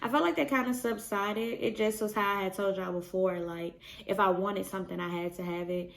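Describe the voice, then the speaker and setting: A woman's voice: medium pitch, fairly even intonation, fairly quick, creaky. A young pregnant woman, chatting casually on her vlog and filling her stories with "like" and laughs. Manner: chatty, storytelling with many "like" fillers and laughs. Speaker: vlogger. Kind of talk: casual chat.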